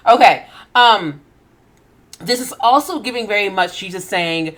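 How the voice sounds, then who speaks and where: A woman's voice: medium pitch, a little slow, a bit bright. A woman host giving an emphatic faith-based motivational talk, full of rhetorical questions.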